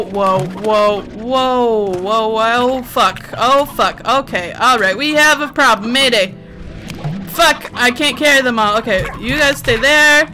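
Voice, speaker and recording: Woman let's player, higher voice, loud cursing and scolding commentary over game music. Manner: excitable, heavily profane, scolding game creatures. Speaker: let's play gamer. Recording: game music playing underneath.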